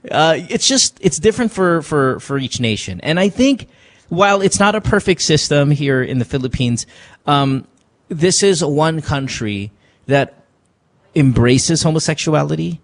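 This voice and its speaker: A man's voice: a little high, expressive, measured pace. A man hosting a radio call-in show, talking loosely with laughter and profanity. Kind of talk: casual late-night call-in talk. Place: radio studio.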